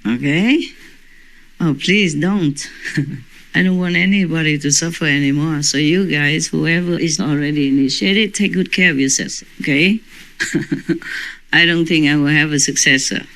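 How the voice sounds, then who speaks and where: A woman's voice: deep voice, normal speed, a bit bright, poor audio. A woman spiritual teacher talking informally to her disciples, chatty and often breaking into laughter.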